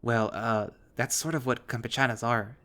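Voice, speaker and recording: A man voicing a stout, laid-back male fennec with a calm, lackadaisical tone, in a visual novel reading. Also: medium pitch, moderate pace, close to an everyday voice.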